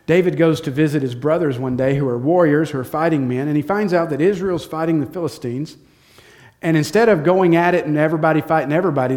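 A man teaching from the Bible, telling the story in a casual, lively way and acting out the quotes. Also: on the high side. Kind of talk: storytelling sermon.

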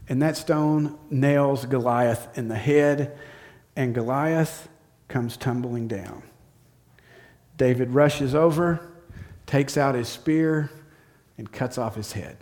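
A man teaching from the Bible, telling the story in a casual, lively way and acting out the quotes. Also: on the high side. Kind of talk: storytelling sermon.

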